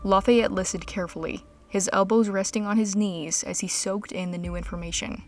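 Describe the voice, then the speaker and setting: A woman reading a scripted history story in a measured, dramatic storytelling manner. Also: medium pitch, steady tone. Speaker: narrator. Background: music.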